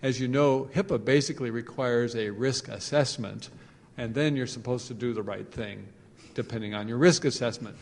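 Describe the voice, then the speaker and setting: A man giving a conference presentation, animated, with joking asides and phrases repeated for emphasis. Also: mid-range voice, moderate pace, vocal fry. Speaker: conference speaker. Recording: long reverb of a large hall.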